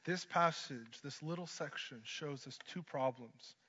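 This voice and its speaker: A man preaching a sermon, swinging from hushed lines to loud ones and mixing in joking asides. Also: a little high, a little slow. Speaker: pastor. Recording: dull lo-fi sermon recording.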